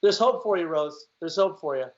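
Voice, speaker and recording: A man's voice: fairly high pitch, lively intonation, moderate pace. A man hosting a comedy talk show, chatting casually with guests and reading out viewer letters. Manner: easygoing, reads out viewer letters. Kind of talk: casual panel chat. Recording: dull lo-fi audio.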